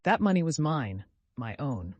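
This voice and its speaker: Audiobook figure: man voicing an anguished young murderer, pleading and lively in pitch. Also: a little slow, dry recording, highs cut off. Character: tormented young male murderer confessing.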